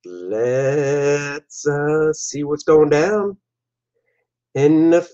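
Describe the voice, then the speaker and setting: A man voicing a giddy man alone in a cabin, with a leering, drawn-out delivery. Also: a little high, warm tone. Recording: dull lo-fi recording.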